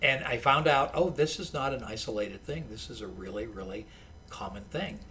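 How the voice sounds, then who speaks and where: A man's voice: medium pitch, moderate pace, a little hiss or hum. A male college professor telling anecdotes in a casual podcast interview, restarting his sentences often. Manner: animated anecdotes with frequent restarts.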